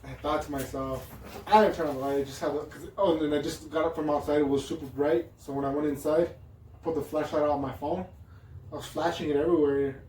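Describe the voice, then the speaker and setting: A man's voice: fairly high pitch, steady tone, fast talker, darkish tone. A man chatting casually on a podcast, rambling through a story with lots of swearing. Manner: rambling, swearing, restarts and laughs. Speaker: podcast co-host. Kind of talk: casual chat. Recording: echoey room, distant mic, faint noise.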